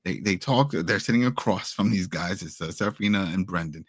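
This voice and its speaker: A man's voice: low voice, a little fast, dry recording. A man co-hosting a TV recap podcast, retelling scenes casually, acting out quotes and laughing often. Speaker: podcast co-host.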